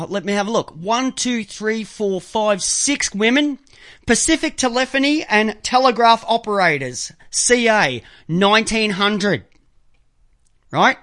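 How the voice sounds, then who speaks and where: A man's voice: high-pitched, a bit bright. A man hosting a live stream, delivering a combative, profane, unscripted rant that calls people out directly. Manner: counts items aloud slowly while looking at pictures.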